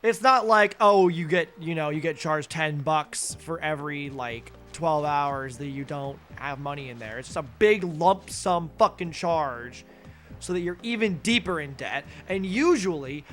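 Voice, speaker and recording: A young man's high, pushed, bright voice carries an angry, swear-heavy rant while he streams a game from his home. He speaks into a desk mic, heated and peppered with sarcastic asides.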